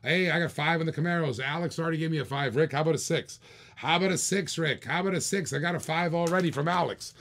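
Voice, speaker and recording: A man hosting a live-streamed toy car auction, calling bids in quick repeated bursts with chatty asides to viewers. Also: on the high side, a bit bright. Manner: rapid repetitive bid calling, chatty asides. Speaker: auctioneer host.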